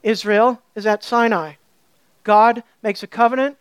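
A woman teaching a sermon, animated and full of rhetorical questions to her listeners. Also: on the high side, unhurried, clear, resonant tone, no echo. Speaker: Bible teacher.

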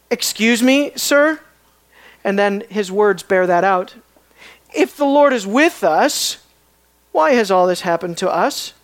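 A Bible teacher giving an expository lecture, often pausing to put questions to the students. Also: medium pitch. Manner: questioning, emphatic, pauses to ask the class.

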